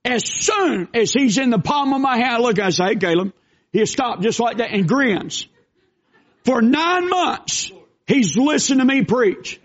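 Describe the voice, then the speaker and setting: High-voiced older preacher, shouting. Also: male voice, lively intonation, normal speed, hardly any pauses. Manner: preaching with shouted bursts and folksy asides. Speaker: pastor. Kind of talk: sermon. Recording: dull lo-fi sound.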